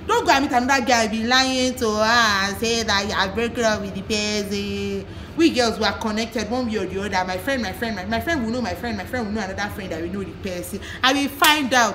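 A woman's voice: fairly high pitch, expressive, fairly quick, echoey room, noisy background. A young adult woman with a Nigerian accent, ranting to camera in a vlog, blunt, mocking and full of swearing. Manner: blunt, profane, emphatic, mocking. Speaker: vlogger.

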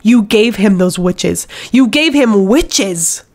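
A woman doing a furious shouting witch warrior. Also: mid-range voice, lively intonation, slow. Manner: shouting, bitter.

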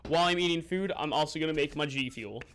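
A man's voice: on the high side, fast, fairly bright tone, clear, resonant tone. A young man streaming a game live, chatting casually and greeting viewers by name as he plays and eats. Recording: music playing underneath.

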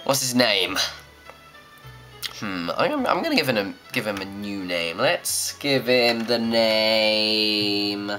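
A young man talks through a handheld video game with bouncy, animated pitch and a bright, forward tone. He cracks sarcastic asides and reads the game's lines in silly voices. Faint game music plays underneath. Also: takes it slowly. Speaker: let's play host. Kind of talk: game commentary, reading dialogue aloud.

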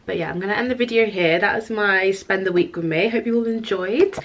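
A young woman vlogging to camera in a chatty, excitable way, full of "like" fillers. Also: medium pitch, a little fast, low-quality recording. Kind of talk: casual vlog chat to camera.

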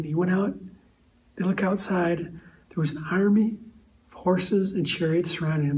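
Conversational preacher, slightly high voice. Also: male voice, a little mellow. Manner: conversational storytelling with rhetorical questions. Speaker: pastor. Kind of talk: sermon. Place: church sanctuary. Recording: voice distant from the mic.

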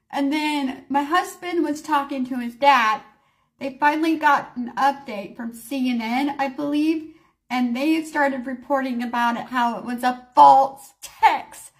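A woman in her forties with a high voice tells a personal story in a casual vlog. She talks animatedly and acts out the panicked lines of everyone in it. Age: 40s. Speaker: storyteller vlogger.

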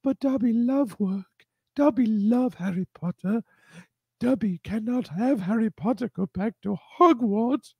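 A man throws his voice up into a squeaky, devoted little house-elf, pitched far above his normal speaking voice. He speaks in broken third-person grammar with an eager, pleading insistence. The sound is a little distant and hollow. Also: unhurried, creaky, slightly rough, no room sound, heavily acted.

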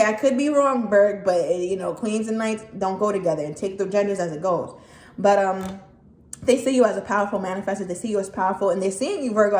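A woman's voice: mid-range voice, darkish tone. A woman giving a casual tarot reading straight to the viewer, blunt and swearing freely as she talks. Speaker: tarot reader. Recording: echoey room with faint noise.

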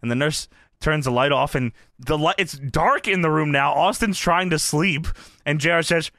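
A man's voice: a little high, normal speed, no echo, clean studio sound. A man co-hosting a podcast, telling a comedic recap with curses and laughter. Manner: cursing, laughing, animated storytelling. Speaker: podcast co-host. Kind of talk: comedic recap of old wrestling TV.

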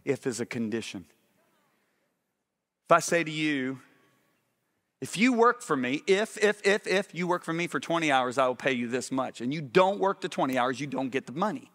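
Middle-aged male preacher, slightly high-pitched, animated sermon delivery with constant questions to the congregation. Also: moderate pace.

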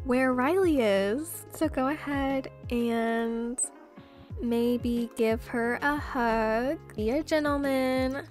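A woman's voice: a little high, slow pace, faint music behind. Chatty young woman narrating gameplay. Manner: chatty, gushing reactions to the game. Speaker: gameplay host. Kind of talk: casual gameplay commentary.

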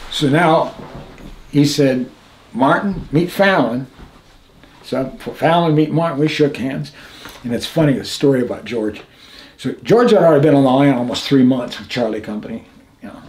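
A man's voice: mid-range voice, darkish tone. An older man, a veteran being interviewed, telling stories animatedly, acting out the lines of others and laughing often. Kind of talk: storytelling interview.

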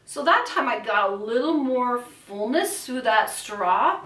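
An upbeat, encouraging woman teaches singing with a fairly high voice. She sounds set back from the mic in an echoey room. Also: expressive, measured pace, a bit bright, distant mic. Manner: upbeat, encouraging, demonstrates with buzzing. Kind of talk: vocal lesson to camera.

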